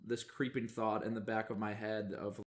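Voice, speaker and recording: A man's voice: lowish voice, level tone, moderate pace. A man interviewed in a documentary, speaking in a thoughtful, candid way about his goals. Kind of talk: reflective interview.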